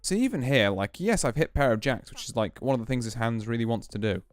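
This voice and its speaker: A man's voice: medium pitch, expressive, quick pace, faint music behind. A man streaming a poker game, casually musing and explaining his hands as he plays. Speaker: VTuber streamer. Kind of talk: casual poker play commentary.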